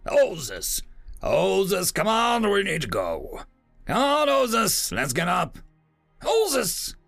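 A man voicing a tough male soldier sergeant who talks in a brisk, commanding way. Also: a little high, very animated, gravelly, fairly bright tone, no room sound, soft background music, voice pushed up, heavily acted. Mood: urgent.

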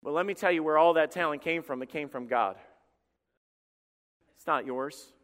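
Male pastor, high, forceful voice, emphatic repeating sermon delivery, long hall reverb. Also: normal speed. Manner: emphatic preaching, repeats key phrases. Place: church sanctuary.

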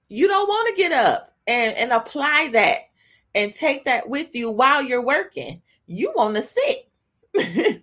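Woman doing an off the cuff faith talk, bit higher voice, choked up, stumbles and restarts. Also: a bit bright. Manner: emotional, halting with many restarts. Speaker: podcast host giving a devotional.

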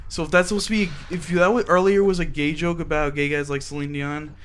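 A brash man hosts a loose radio show and freestyles profane battle raps. His voice sits high and sounds bright and edgy. He trash-talks in loud bursts. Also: fairly even intonation, brisk, a little hiss or hum.

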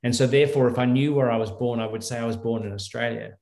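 A man's voice: mid-range voice, steady tone, fast talker, vocal fry, darkish tone, roomy sound. A middle-aged man, a guest doctor, telling stories in a rambling, restarting way in a casual interview. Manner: rambling, with many restarts and fillers.

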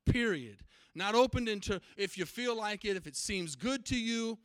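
A male pastor preaches in an emphatic, questioning style, checking in with his listeners as he goes. His voice sits high for a man. The recording is dry and close, with little room sound. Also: lively intonation, normal speed, a bit bright, clear, resonant tone, no echo. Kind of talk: sermon.

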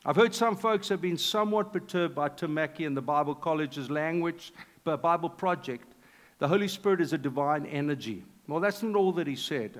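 A middle-aged male pastor preaching a sermon in a conversational, animated way, with asides to the congregation. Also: on the high side. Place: church hall. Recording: reverberant hall.

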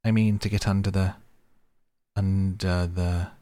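A man's voice: low-pitched, level tone, a little slow, warm tone, no echo. A man reading as curious rambling girl. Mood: musing. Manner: rambling, musing aloud to herself. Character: young girl, curious, chatty, puzzled. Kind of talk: storybook character reading.

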